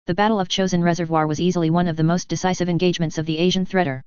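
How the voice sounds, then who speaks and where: An audiobook narrator reading a story in a steady, formal way. The voice is very smooth and resonant, recorded dry with no room sound. The recording has a dull, lo-fi tone. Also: medium pitch, racing, dry recording. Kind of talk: scripted narration.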